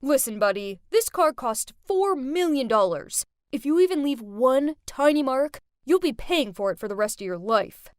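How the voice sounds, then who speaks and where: A woman voicing an arrogant rich teenage boy who shouts threats at a valet in an animated story. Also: high voice, normal speed, hardly any pauses, smooth, dry recording, studio quality. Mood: threatening.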